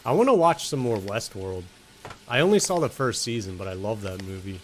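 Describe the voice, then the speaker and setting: A game streamer with a lowish voice and lively intonation speaks briskly while playing a video game, joking with the characters and answering chat. It's casual let's-play commentary, with slight background noise.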